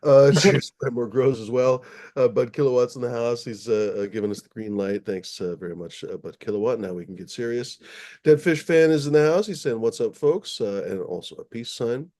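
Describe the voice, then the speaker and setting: A man hosting a livestream in a loose, rambling way, with frequent swearing and plenty of uhs. His voice is mellow and dark, at a medium pitch for a man. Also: moderate pace. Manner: rambling, profane, with many fillers. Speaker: livestream host. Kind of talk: casual livestream chat.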